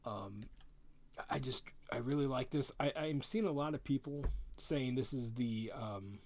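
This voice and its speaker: Streaming live, a middle-aged man shares casual first impressions of a game rulebook, excitable and full of stammers and repeated words. His voice is mid-range and his pace measured.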